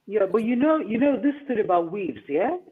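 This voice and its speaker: A man's voice: high voice, big pitch swings, normal speed, a little hiss or hum. A man hosting a talk show. He gives advice in an emphatic monologue and keeps asking "okay?". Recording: tinny phone-line sound.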